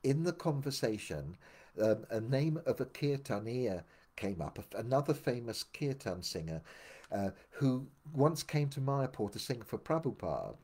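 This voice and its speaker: An older man telling his memoir aloud, meandering with many restarts and dropping quieter for asides. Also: very animated, normal speed, husky. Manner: meandering, full of restarts, drops low for asides. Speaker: memoir narrator. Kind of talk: rambling spoken memoir storytelling.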